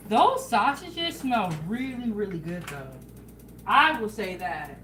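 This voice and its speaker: A woman hosting a casual home cooking vlog, chatting in a relaxed way and talking straight to her viewers. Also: medium pitch, slow pace, noisy background. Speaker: home cooking show host. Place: home kitchen.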